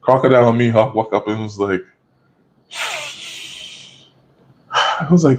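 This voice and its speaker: A man's voice: mid-range voice, unhurried, noisy background. Laid-back man laughing through a cartoon recap. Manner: laughing, profane, animated retelling. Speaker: anime recap vlogger. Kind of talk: casual anime recap.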